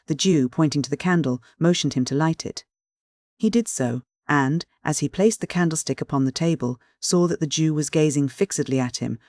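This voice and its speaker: A man reads a classic novel aloud in steady, measured narration. His voice sits a little higher than most, and the recording is dry and close with no room sound. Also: dry recording. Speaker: audiobook reader. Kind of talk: scripted audiobook narration.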